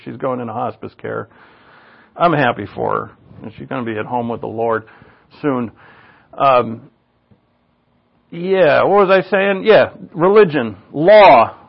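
A man's voice: mid-range voice, creaky. An older man, a pastor, preaching a loose, conversational sermon full of asides and restarts. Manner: casual, rambling, with asides and restarts. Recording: dull lo-fi recording.

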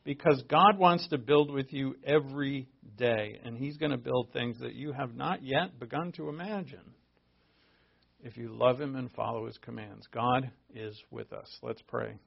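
A man's voice: mid-range voice, a little slow, creaky. A man preaching a casual sermon as pastor, talking in a conversational, emphatic way with asides and restarts. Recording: dull lo-fi audio.

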